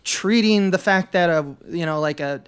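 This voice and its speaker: A man's voice: high-pitched, moderate pace, smooth. A man co-hosting a podcast, recapping a film in loose, rambling chat full of filler words. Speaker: podcast co-host. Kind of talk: casual film discussion.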